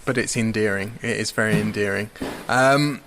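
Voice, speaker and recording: A man's voice: on the low side, moderate pace, noisy background. A man hosting a podcast in casual chat, teasing and chatty, with fillers. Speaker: podcast host.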